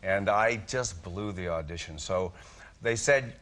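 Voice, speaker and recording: A man's voice: low-pitched, moderate pace. A man telling stories as a talk show guest, acting out voices as he goes. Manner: animated storyteller, acts out voices. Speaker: celebrity guest. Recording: noisy studio audience.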